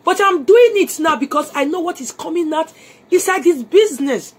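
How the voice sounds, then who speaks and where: Broadcasting live from her home by phone, a Nigerian network marketer delivers a sales pitch, pressing viewers with urgent appeals to join her business while blending Pidgin and English. She speaks at normal speed in a very high-pitched, expressive voice.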